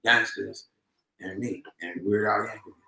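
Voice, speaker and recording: A comedy host with a Los Angeles accent trades loud, profane, teasing banter, his voice gravelly and bright. He sounds set back from the microphone in an echoey room. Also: on the low side, fairly even intonation, normal speed, far from the mic. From Lynwood, Los Angeles.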